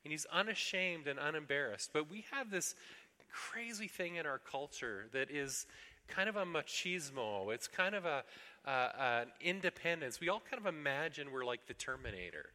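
A man's voice: a little high, lively intonation, moderate pace, sharp tone, in a large hall. A man preaching a sermon earnestly, now and then acting out pleas to God in a raised voice. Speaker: pastor.

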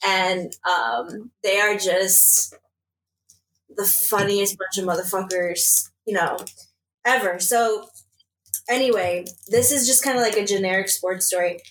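A woman's voice: mid-range voice, a little slow, a little hiss or hum, rough recording. A young woman from Illinois co-hosting a casual podcast, telling a story with lots of laughter and swearing. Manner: animated, laughing, swearing freely. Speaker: podcast co-host.

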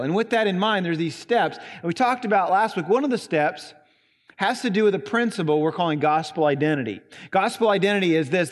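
In a church sanctuary whose long reverb trails after each phrase, a pastor preaches emphatically, stressing single words. He has a Southern Indiana accent and sits high in pitch for a man.

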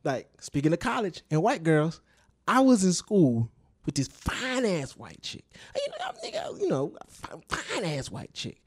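Loose, profane man, slightly high voice. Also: wildly swooping pitch, normal speed, husky, dry recording, studio quality. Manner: loose, profane, emphatic, keeps asking "you know what I'm saying?". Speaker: co-host of a podcast. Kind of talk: casual chat.

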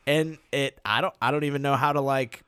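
A man co-hosting a podcast, chatting casually and excitedly about movies, swearing now and then. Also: mid-range voice, a little fast, clean tone, no echo, clean studio sound. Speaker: podcast co-host. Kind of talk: casual chat.

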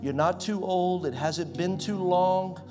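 A pastor in his forties preaching a sermon in a conversational way, swinging from loud to soft. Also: high voice, slow pace, over music. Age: 40s.

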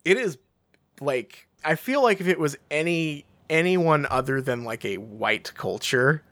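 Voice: medium pitch, expressive, unhurried, fairly bright tone, no room sound. Podcast host rambling through a book chat, lots of "like", voice jumps all over, dead dry mic. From England. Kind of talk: casual book-discussion chat.

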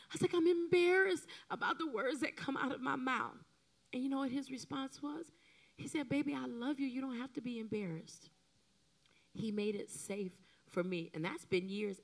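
A middle-aged woman co-preaching a sermon in an animated, emotional way, often acting out the lines she quotes. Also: fairly high pitch, vocal fry. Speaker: co-pastor.

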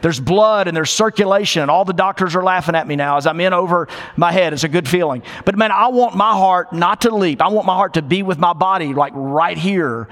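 A man preaching a sermon in a church, conversational, slowing down for emphasis and dropping in playful asides. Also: high-pitched, a bit bright, in a large hall. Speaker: pastor. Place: church sanctuary.

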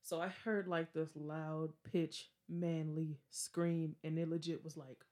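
A young woman tells a dorm ghost story on a podcast in a slightly low voice. She talks casually and acts out what others said with lively energy. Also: a little slow. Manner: animated, acts out quotes with laughs. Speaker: podcast host.

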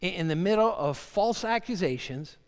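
Man, pastor, sermon, somewhat high voice, dramatic readings then hushed emphasis, long hall reverb. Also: moderate pace. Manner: animated preaching, voicing Job's cries with rising pitch and dropping low for emphasis.

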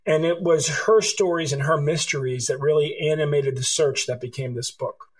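At a normal speed and in a slightly high voice, a middle-aged Californian man speaks over a rough recording. As an author and interview guest, he answers by telling stories vividly, acting out each exchange of dialogue.

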